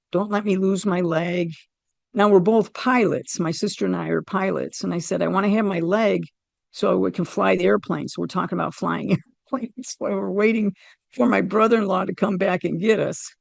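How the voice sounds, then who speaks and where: On a podcast, a middle-aged American woman appears as a guest and tells a personal story with animation, performing her own quoted lines. Her voice is medium in pitch with vocal fry, and there's no echo.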